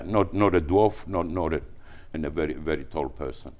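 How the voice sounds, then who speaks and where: A man from Greece with a Greek accent, telling business anecdotes as a guest, animated and full of restarts. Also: sits low, brisk, hardly any pauses. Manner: animated, with frequent restarts and repetitions. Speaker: entrepreneur guest. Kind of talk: anecdotal storytelling.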